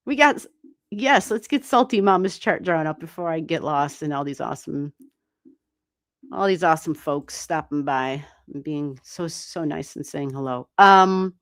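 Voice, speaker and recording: A woman giving live astrology readings on a stream, chatty and animated, swearing casually and laughing often. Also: medium pitch. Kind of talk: casual livestream chat.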